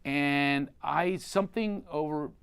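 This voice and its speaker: A man from Philadelphia, a comedian, telling stories as a guest in a casual interview, animated and often laughing. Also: on the high side, slow pace, gravelly, smooth.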